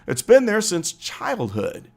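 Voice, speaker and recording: Animated man hosting political commentary. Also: sits high, slow pace, creaky. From Chicago. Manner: earnest, storytelling with acted-out quotes. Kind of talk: live stream commentary.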